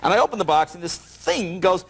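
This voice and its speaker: A man's voice: high-pitched, fairly quick, vocal fry. A man as a talk show guest, telling a comic story with exclamations and laughter. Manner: animated, exclaiming and laughing through his story. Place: late-night TV studio. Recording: noisy broadcast audio.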